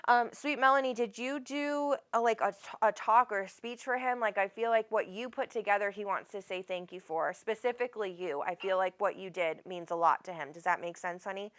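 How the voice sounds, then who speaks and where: A woman's voice: mid-range voice, brisk, few pauses, fairly bright tone. A woman hosting a live psychic reading, chatty and rambling, often calling people honey. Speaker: psychic medium host.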